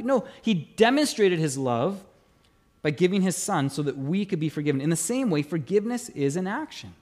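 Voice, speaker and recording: A middle-aged man preaching a sermon as pastor, telling a story with animated acted-out dialogue. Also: high-pitched, normal speed.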